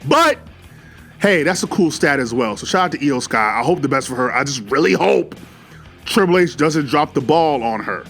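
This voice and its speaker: Excitable man casually reviewing wrestling. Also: on the high side, fairly quick, faint music behind. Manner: excitable, animated, frequent fillers and slang. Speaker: wrestling commentary YouTuber. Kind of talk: casual solo review chat.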